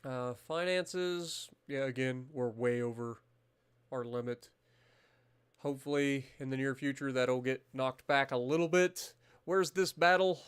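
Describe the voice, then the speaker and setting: Smooth-voiced man streaming a strategy game. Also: mid-range voice, a little slow. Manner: swears a lot, erupts into loud disbelief; muttering calmly while managing menus. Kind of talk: casual gameplay commentary.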